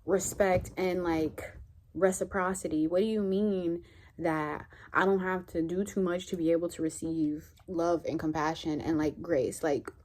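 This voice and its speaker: A woman's voice: lowish voice, fairly even intonation, measured pace, a little mellow. A woman vlogger talking candidly and reflectively to her viewers, in a rambling, heartfelt, conversational way. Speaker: spiritual vlogger. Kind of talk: candid reflective chat to camera.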